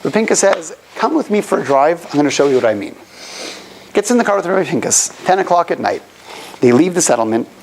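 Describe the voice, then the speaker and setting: A rabbi teaching a class to a live group, telling a story with lively shifts and acting out the people in it. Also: male voice, on the high side, a little hiss or hum, low-quality recording. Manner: animated storyteller, acts out quoted voices. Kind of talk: storytelling lecture. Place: classroom opposite the Western Wall.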